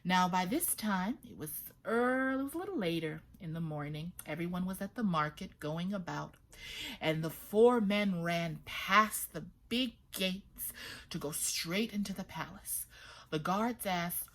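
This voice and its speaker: A woman storyteller narrating a folktale for young listeners. Her delivery is expressive, shifting between lively and hushed. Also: fairly low pitch, unhurried. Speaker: children's storyteller.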